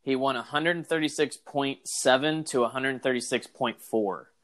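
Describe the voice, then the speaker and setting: A man's voice: mid-range voice, moderate pace, a bit bright. Dude rambling on a sports podcast, tells stories and does the voices of people he quotes, swears a lot. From Arkansas. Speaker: podcast co-host. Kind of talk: casual chat.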